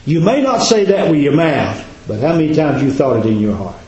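Man, pastor preaching a sermon, repeats himself for emphasis, drops low and hushed, echoey church room, muffled sound. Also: very animated, fairly quick. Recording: echoey, dull church recording.

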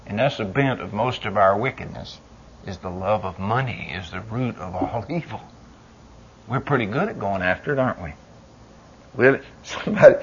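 A man preaching a sermon with a husky voice, rising from quiet asides to loud pleading cries. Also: fairly low pitch, animated, normal speed, slight background noise. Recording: dull lo-fi sound.

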